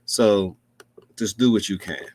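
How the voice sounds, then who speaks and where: A man's voice: on the low side, a little slow, darkish tone. A man hosting his own commentary show who talks earnestly and repeats his points. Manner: earnest, rambling, repeats himself. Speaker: host. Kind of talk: casual commentary.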